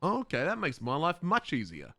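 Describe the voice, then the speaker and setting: A man's voice: fairly high pitch, wildly swooping pitch, normal speed, pushed and bright, no echo, studio quality. A man streaming a police role-play, talking casually, swearing freely and laughing often. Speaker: streamer playing a police officer.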